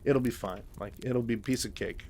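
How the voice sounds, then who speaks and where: A man voicing a wry, fast-talking male war reporter in a casual, nonchalant way in a storybook recap. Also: mid-range voice, steady tone, a little mellow, lightly acted. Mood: breezy. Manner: breezy, nonchalant.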